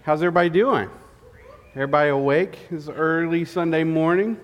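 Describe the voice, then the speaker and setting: A man, a guest pastor, preaching a sermon, candid and tired, halting with fillers. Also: a little high. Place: church sanctuary. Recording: long reverb of a church hall.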